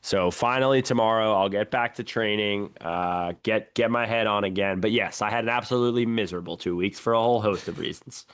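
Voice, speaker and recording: A young man hosting a casual podcast, telling his stories in a chatty, animated way. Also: lowish voice, fairly quick, few pauses, smooth. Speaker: podcast host.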